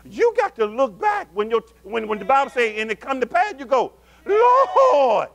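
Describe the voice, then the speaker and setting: A high-voiced pastor calls out his sermon fairly quickly, with big swings in pitch. He preaches call-and-response style, asking the congregation questions and moving between loud, emphatic calls and low murmurs.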